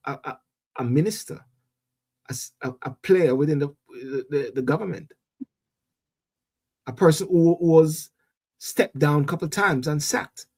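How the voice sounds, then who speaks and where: A man, a reverend, hosting a casual political chat show, talking in an animated way and often repeating words as he starts a thought. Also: fairly high pitch, breathy edge.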